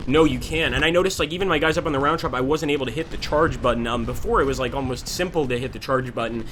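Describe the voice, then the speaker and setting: A man's voice: medium pitch, fast talker, fairly bright tone, a little hiss or hum. A young American man hosting a casual game commentary, chatty and full of fillers as he reads chat and calls the action. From United States. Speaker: gaming channel host. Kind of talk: casual let's-play commentary.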